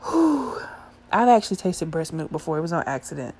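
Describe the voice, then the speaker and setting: A young woman telling a crude, profane story in a casual, animated way, often laughing. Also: deep voice, fast. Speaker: vlogger.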